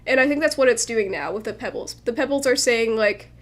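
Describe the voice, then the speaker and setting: A woman's voice: on the high side, brisk. A woman streaming as she translates a manga, chatting casually and thinking aloud with many fillers and restarts, from a desk microphone at home. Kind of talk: casual livestream commentary.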